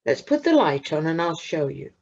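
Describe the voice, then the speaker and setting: A woman voicing a caring mother in a storybook tale, speaking in a soft, hushed, soothing way. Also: sits low, sing-song, moderate pace, gravelly, heavily acted. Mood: reassuring. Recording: muffled lo-fi recording.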